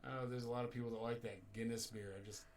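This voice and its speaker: A man's voice: mid-range voice, little pitch movement, very fast, far from the mic, a little hiss or hum. A man hosting a casual show, telling rambling stories and chuckling along. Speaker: show host. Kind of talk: casual radio show chat.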